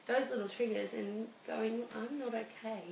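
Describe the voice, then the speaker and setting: A woman, a guest speaking emotionally and haltingly about her own life. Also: fairly high pitch, steady tone, vocal fry, a little mellow. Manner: halting and emotional, many restarts. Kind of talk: personal interview. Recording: roomy studio with faint hiss.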